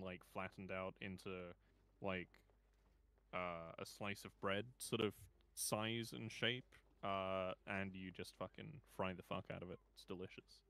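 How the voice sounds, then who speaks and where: A man chatting casually and relaxed, swearing freely and stopping with uh and like. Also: deep voice, smooth. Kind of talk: casual chat.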